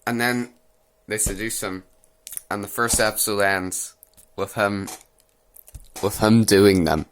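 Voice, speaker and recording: A man's voice: fairly low pitch, steady tone, slow pace, a little hiss or hum. A young man giving a crude, mocking, rambling recap of an anime episode, repeating phrases as he rants. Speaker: anime reviewer. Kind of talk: casual ranting recap.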